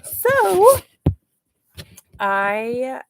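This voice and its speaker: Her voice is high, with huge swings in pitch and drawn-out words, captured in a low-quality recording with slight background noise. She is a mom vlogger chatting casually on a livestream from her dining room, rambling and thinking aloud as she sorts craft supplies.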